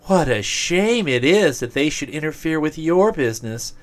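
A man's voice: a little high, very animated, moderate pace, voice pushed up. A man voicing a resentful male demon of envy in a storybook reading, in a raised, aggrieved, complaining tone. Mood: sneering.

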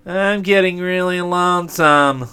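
A man's voice: high voice, measured pace, sharp tone, clear, resonant tone, voice pushed up. A selfish storybook demon whines in a raised, dragging voice, put on by a male reader. He sounds sulky and scheming, and he coaxes more than he threatens. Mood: lonesome.

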